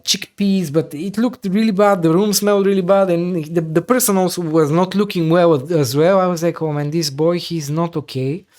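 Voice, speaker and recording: A man hosting a podcast, retelling a personal story in animated, loosely phrased English full of fillers. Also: high-pitched. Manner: animated retelling with loose, non-native grammar and many fillers. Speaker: podcast host.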